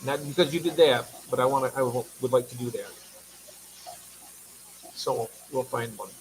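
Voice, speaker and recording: A man hosts a casual livestream, chatty and affectionate, reading viewer comments aloud and sounding tired. His voice is medium-pitched at normal speed, and the audio is poor with slight background noise.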